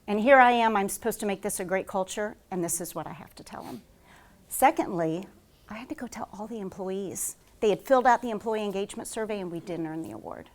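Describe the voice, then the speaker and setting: Fast-talking woman giving a conference talk. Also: mid-range voice. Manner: fast-paced, says she talks like an auctioneer; lively storytelling with frequent "um" fillers. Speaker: HR consultant giving a presentation. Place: room with a live audience.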